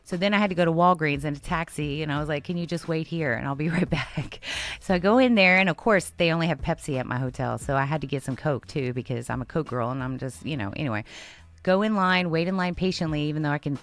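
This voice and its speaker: Woman co-host, casual storytelling, animated, acts out dialogue, slightly low voice. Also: fast. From Texas. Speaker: radio show co-host.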